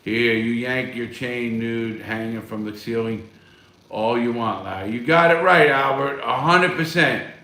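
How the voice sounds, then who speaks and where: A man's voice: mid-range voice, unhurried, sharp tone, roomy sound. A man hosting a casual live stream from home, reading viewer chat and answering in a blunt, rambling way with heavy swearing. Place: at home, smoking a cigar.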